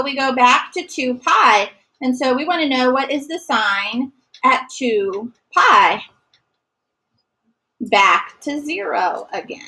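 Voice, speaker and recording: A woman's voice: high voice, pushed and bright, poor audio. A woman teaching a math lesson to a class, encouraging and sometimes singing short note patterns. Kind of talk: classroom lecture.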